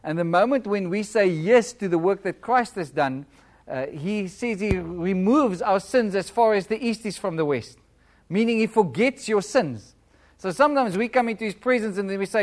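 A man, probably in his thirties, preaching in a church and leading a prayer, speaking in a conversational style with a self-described flat accent. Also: high voice, normal speed. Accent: non-British English, self-described flat. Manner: warm, conversational preaching with laughs and audience questions. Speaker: guest preacher. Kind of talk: sermon and prayer.

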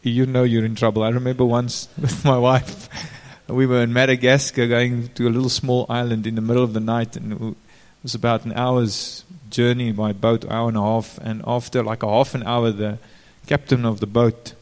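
A man's voice: mid-range voice, level tone, normal speed, hardly any pauses. A man preaching a sermon in an informal way, turning to the congregation with direct questions. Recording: long reverb of a large hall.

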